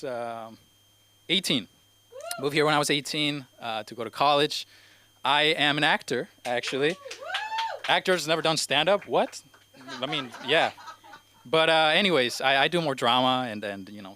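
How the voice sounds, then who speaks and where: A young man from Spain with a faint Spanish accent rambles through his first open mic set, hesitant and full of fillers. His voice sits a little high for a man and sounds bright and forceful. Faint noise runs behind him on the club stage. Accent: slight Spanish accent. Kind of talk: stand-up comedy.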